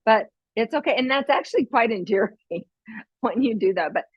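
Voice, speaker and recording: This podcast host is a middle-aged woman with a slightly high, brisk voice, lively intonation, and a breathy edge. She dispenses easygoing parenting advice, laughing frequently and dramatizing little scenes. The audio is dry, dull, and lo-fi, without echo.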